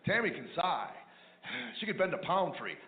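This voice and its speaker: A man performs a stand-up routine in a dry, deadpan storytelling manner. His voice sits a little high for a man. It comes through a tinny, phone-like channel with a roomy echo and faint noise behind it. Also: normal speed. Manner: deadpan storytelling with mumbling character asides. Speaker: stand-up comedian. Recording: echoey, tinny lo-fi radio replay of a live set.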